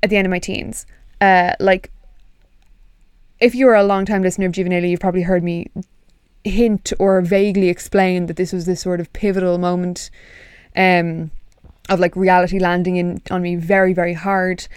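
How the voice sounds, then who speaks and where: A young woman with a husky voice, chatting casually and swearing a lot as a podcast host. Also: lowish voice, moderate pace, no room sound, studio quality. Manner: sweary, animated, rambling. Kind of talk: casual chat.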